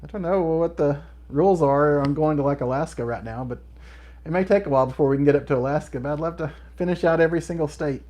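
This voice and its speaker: A middle-aged man hosts a livestream, reading viewer comments aloud while chatting casually and laughing often between remarks. His voice is a little high and darkish in tone, and he talks at a quick pace.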